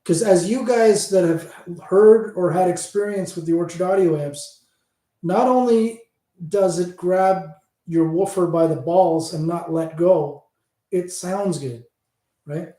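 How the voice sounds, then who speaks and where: A man's voice: sits high, slow pace, dark tone, echoey room. A man in his fifties from Hamilton, Ontario, with a Canadian accent, tipsy and rambling profanely while chatting with viewers on his livestream. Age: 50s. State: tipsy from drinking. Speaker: livestream host. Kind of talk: casual livestream chat with viewers.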